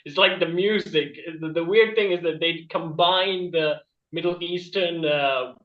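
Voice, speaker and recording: A man's voice: fairly high pitch, roomy sound, far from the mic, muffled recording. A man doing a rambling stand-up comedy bit over a video call, laughing at his own jokes. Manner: rambling and self-amused, laughing at his own jokes, with jumpy shifts in loudness.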